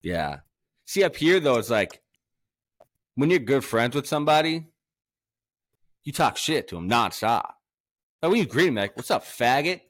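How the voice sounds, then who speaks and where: A man from Massachusetts hosting a podcast, chatting casually and telling profane, animated stories. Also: mid-range voice, measured pace, pauses often, dry recording. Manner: profane, animated storytelling with frequent laughs. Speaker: podcast host.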